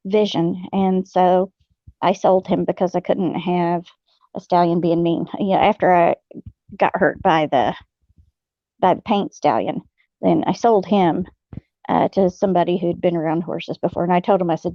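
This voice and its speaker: A woman's voice: lowish voice, normal speed, gravelly, no echo. A middle-aged woman, hosting a casual chat and telling folksy stories with frequent laughs and fillers. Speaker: host. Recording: dull lo-fi sound.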